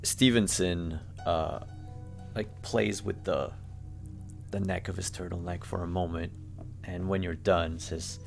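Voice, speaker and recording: A man narrating a tabletop game as game master, talking casually and leaning on fillers. His voice is very low and his pace is slow. Faint music plays underneath. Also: steady tone, gravelly, a little mellow.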